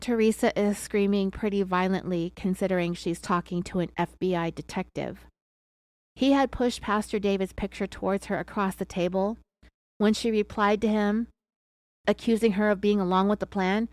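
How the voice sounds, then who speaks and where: A woman's voice: medium pitch, moderate pace, dry recording. A woman podcast host narrating a true crime story, reading the scene with dramatic dialogue tags.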